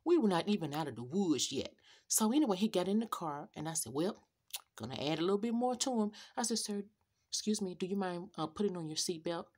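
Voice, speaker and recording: A woman's voice: on the low side, a little fast. Sassy woman ranting to camera. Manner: animated, sassy, talks straight to the viewers. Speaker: rideshare driver vlogger. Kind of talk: casual storytelling rant to camera.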